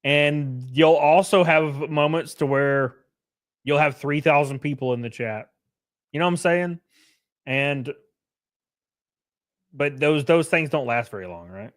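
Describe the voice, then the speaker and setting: Higher-voiced man ranting on a livestream. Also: unhurried, pauses often. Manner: profane, rambling, chuckling often; swings between loud bursts and quiet mutters. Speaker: streamer hosting his own show. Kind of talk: casual livestream rant.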